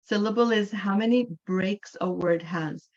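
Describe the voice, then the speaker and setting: A woman's voice: mid-range voice, unhurried, a little mellow. Female English teacher from Canada, mid-range voice, explanatory and checks in with "right?"; muffled online-class sound.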